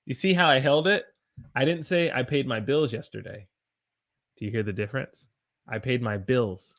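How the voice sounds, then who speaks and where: A man with a Southern US accent teaching English pronunciation, repeating example words again and again and answering viewer comments. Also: mid-range voice. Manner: slow, repeats demonstration words over and over. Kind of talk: pronunciation lesson with viewer chat.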